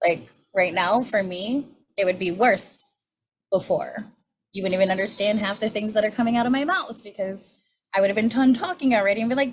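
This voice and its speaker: A woman in her forties facilitates a healing class about triggers, speaking a little fast in a mid-range voice over a faint hiss or hum. She is candid, conversational, and self-disclosing, frequently checking in with a rhetorical "right?"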